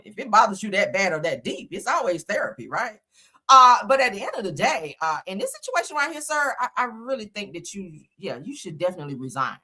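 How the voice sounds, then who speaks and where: Animated, bright-voiced woman livestreamer. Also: mid-range voice. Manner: blunt, profane, frequently laughing. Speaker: livestream host. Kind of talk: casual livestream commentary.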